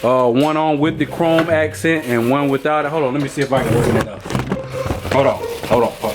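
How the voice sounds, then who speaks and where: A man's voice: medium pitch, fairly quick, heavy background noise. A man hosting a casual vlog from his garage, chatting in a laid-back, rambling way and keeping up a running talk with his viewers. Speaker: YouTube channel host fixing up his pickup. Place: home garage. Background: background music.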